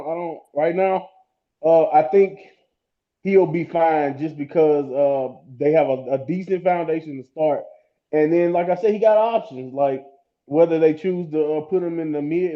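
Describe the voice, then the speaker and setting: A man with a fairly high voice co-hosts a casual podcast, rambling through his thoughts with plenty of "uh"s and restarts. The sound is dull and lo-fi, with its highs muffled. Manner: rambling, many fillers and restarts. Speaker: podcast co-host. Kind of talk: casual wrestling chat.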